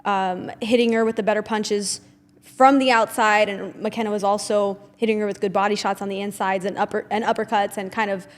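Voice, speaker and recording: A woman's voice: mid-range voice, fairly even intonation, brisk, in a large hall. A woman hosting a podcast in casual chat, laughing often and telling stories with animation. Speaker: podcast host.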